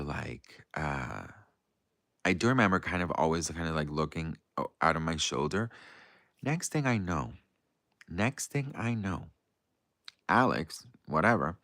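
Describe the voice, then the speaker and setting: A man's voice: sits low, a bit bright, no echo, clean studio sound. A young American man on a livestream, telling a long personal story to his chat in a rambling way full of fillers. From United States. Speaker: livestream host. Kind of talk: casual storytelling to a live chat.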